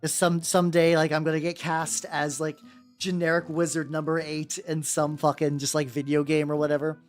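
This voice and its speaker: A man's voice: a little high, level tone, normal speed, faint music behind. A man chatting casually on a live stream while painting miniatures, rambling with many restarts, swearing now and then and greeting viewers as they arrive.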